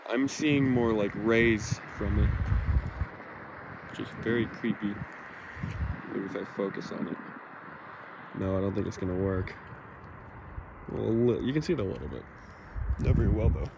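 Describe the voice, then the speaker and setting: A man's voice: fairly low pitch, moderate pace, gravelly, pauses often, lo-fi sound. Chatty man vlogging on a foggy night. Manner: chatty, quietly spooked, rambling. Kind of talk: casual vlog narration. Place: outdoors at night in a foggy neighborhood. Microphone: handheld camera mic. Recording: noisy outdoor camera audio. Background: night sounds and distant cars.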